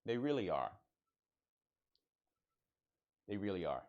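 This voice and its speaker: A man's voice: low voice, very animated, fast talker, darkish tone, dull audio, pitched below the performer's own voice. A man putting on a brash, hot-blooded Southern American persona with a Southern US accent, boastful and folksy. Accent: Southern US (put on).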